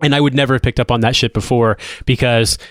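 A man's voice: mid-range voice, fairly even intonation, fast, no echo, clean studio sound. A man in his thirties co-hosting a podcast, chatting loosely with lots of restarts and casual swearing. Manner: rambling, swears freely. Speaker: podcast co-host. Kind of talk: casual chat.

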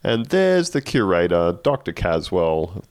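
A man with a very low voice co-hosts a podcast, recapping a TV episode in a loose, chatty way. His commentary is wry and sardonic. The sound is dry and close-miked. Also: very animated, unhurried, darkish tone, no echo. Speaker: podcast co-host. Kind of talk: casual chat recapping a TV episode.

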